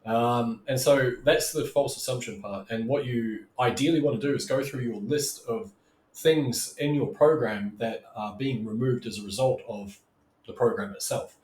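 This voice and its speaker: A man talks through online marketing tips in a relaxed, rambling coaching style, tossing in "right?" again and again. His voice sits at an ordinary middle pitch. The recording carries a noticeable echo off the walls of the room. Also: a little hiss or hum. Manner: loose and chatty, keeps asking "right?", acts out customers' voices. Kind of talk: casual teaching monologue.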